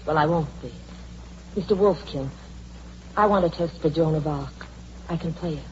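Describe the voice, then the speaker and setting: An actress playing a stubborn young dancer in an old radio drama, earnest and bitter, on a dull hissy recording. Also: female voice, sits low, normal speed, lightly acted. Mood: defiant. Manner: earnest, rising to bitter intensity. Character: young woman dancer hungry to act, proud and stubborn.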